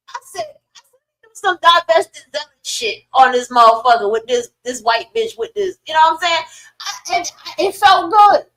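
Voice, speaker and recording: A middle-aged woman hosting a podcast, ranting in casual, profane commentary with sudden loud swings and a dry throat. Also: sits high, expressive, normal speed, poor audio. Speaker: podcast host.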